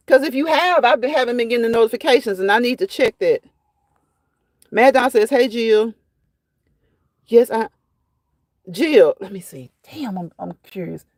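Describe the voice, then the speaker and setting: A woman's voice: on the high side, normal speed, dry recording. Chatty woman hosting a live stream. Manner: chatty, reacts aloud to comments, repeats phrases. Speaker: live-stream host reading viewer chat. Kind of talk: casual live-stream chat.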